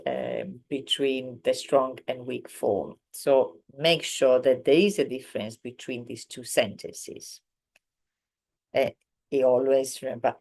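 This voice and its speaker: A woman's voice: very deep voice, gravelly, a little mellow. A woman teaching a beginners' online language lesson, explaining patiently with many ums and self-corrections. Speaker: Italian teacher.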